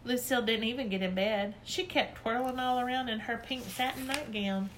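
A woman narrating a storybook in a lively, expressive, childlike manner. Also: on the high side, moderate pace, a little hiss or hum. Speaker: audiobook narrator. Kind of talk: storybook reading.

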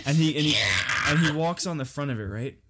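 A man's voice: fairly high pitch, fast, very noisy. A young man co-hosting a podcast, telling a story about a bad boss and acting out the quotes. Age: young adult. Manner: animated, acts out quotes, laughs. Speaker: podcast co-host. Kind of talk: casual storytelling.

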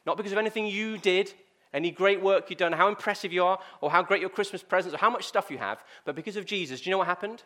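A man preaching a sermon, talking directly to his listeners. He tells stories in a lively, conversational way, and his voice sits fairly high. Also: fast talker, few pauses.

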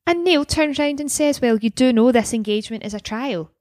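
A woman's voice: high voice, brisk, a little mellow, no echo, studio quality. A young woman co-hosting a podcast, chatting casually about a TV episode, swearing freely and acting out lines. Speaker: podcast co-host. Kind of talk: casual chat recapping a TV episode.

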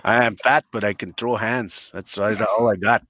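A man from Canada, telling a comedic story in a rambling, blunt and profane way, breaking into shouted impressions. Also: on the low side, steady tone, normal speed, no room sound, studio quality.

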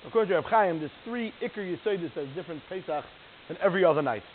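A man giving a Torah class in an animated, fast yeshiva cadence, his talk full of Hebrew terms. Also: sits high. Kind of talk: Torah lecture. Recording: tinny phone-like line with hiss.

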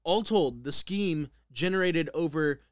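Young male podcaster, slightly high voice, easygoing storyteller full of ums, dry close mic. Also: measured pace, dry recording. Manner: laughs often, filler-heavy, relaxed storytelling. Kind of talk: casual chat, recounting a true crime story.

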